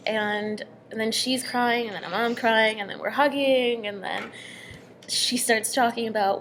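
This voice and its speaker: A woman's voice: a little high, steady tone, a little slow, slight background noise. Earnest young woman telling her story. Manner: earnest, dropping to hushed asides. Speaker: storyteller sharing a personal story. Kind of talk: casual personal storytelling.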